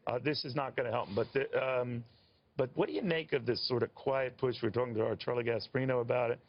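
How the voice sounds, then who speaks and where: A man hosting a live TV interview, chatty, with dramatic build-ups and quick quips. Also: medium pitch, lo-fi sound. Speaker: TV news host.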